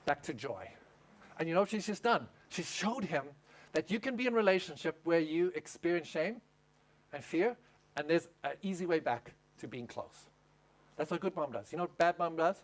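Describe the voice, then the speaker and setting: A male pastor with a high-pitched voice preaches at a camp meeting. He tells a story step by step and throws questions out to the congregation. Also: expressive, normal speed. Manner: storytelling, asks the audience questions. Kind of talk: sermon.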